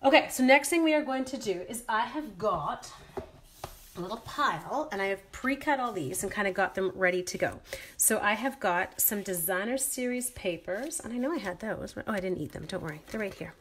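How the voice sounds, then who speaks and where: A woman's voice: mid-range voice, animated, moderate pace, fairly bright tone, a little hiss or hum. A woman hosting a casual live-stream craft demonstration from home, chatty, upbeat and joking about herself as she walks through her supplies. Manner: chatty, upbeat and self-mocking. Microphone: computer or phone live-stream mic.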